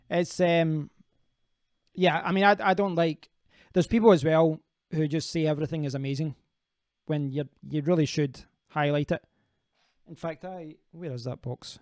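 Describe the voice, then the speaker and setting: A man's voice: fairly high pitch, fairly even intonation, a little slow, long pauses, no echo, clean studio sound. A man hosting a casual live stream, rambling as he answers viewers' comments and often restarting his sentences.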